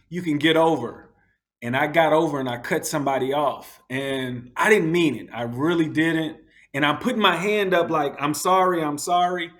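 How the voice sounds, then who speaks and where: A man in casual conversation tells wild road stories with a lot of animation. His voice sits a touch high and climbs further whenever he acts out what someone said. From United States. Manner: animated, acts out quotes in a raised voice. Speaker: guest. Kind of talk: casual storytelling.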